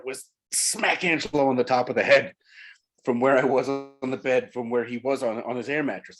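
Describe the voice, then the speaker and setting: A man from Long Island, an author and guest, telling a ghost story in casual chat, building suspense through repetition. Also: medium pitch. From Long Island, New York.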